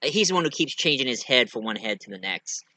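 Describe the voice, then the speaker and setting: A man rambles through his own fan story in a casual, hesitant way, full of fillers. He talks a little fast with a lively pitch, and the recording is dry.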